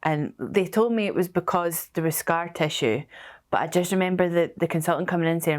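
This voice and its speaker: A young woman telling her story as a bereaved mother, halting and emotional, with many restarts. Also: lowish voice. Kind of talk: personal testimony.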